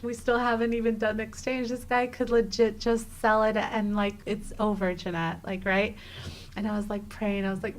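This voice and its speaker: A woman in her thirties, a guest on an interview show, telling a personal story with lively energy and acting out the dialogue. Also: medium pitch, normal speed, rough recording. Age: 30s. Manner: animated, acts out quoted dialogue with many "like"s. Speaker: guest, travel writer.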